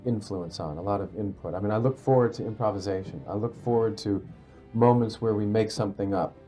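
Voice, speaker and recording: A man in his thirties, an actor, speaking thoughtfully in an interview, pausing and restarting his phrases. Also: on the low side, warm tone, soft background music. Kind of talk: sit-down interview.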